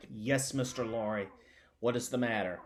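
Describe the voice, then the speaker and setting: A man voicing a hoarse male messenger calling out urgently. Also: mid-range voice, moderate pace, lightly acted.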